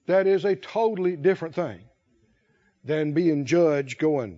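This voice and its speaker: A man preaching a sermon in a folksy, animated way, chuckling and acting out little voices. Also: on the high side, unhurried. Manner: animated, folksy, laughs often, acts out voices. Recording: dull lo-fi sound.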